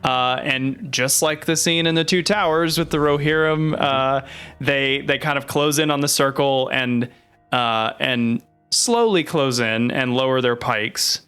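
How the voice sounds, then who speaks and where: A man's voice: mid-range voice, unhurried, fairly bright tone, clean tone, faint music behind. A man narrating a tabletop game as game master, hesitant and full of fillers.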